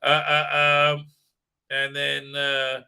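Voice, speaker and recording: A man hosting a live stream, ranting profanely and mocking characters in squeaky put-on voices. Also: completely flat delivery, very slow, creaky, pushed and bright, smooth. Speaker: show host.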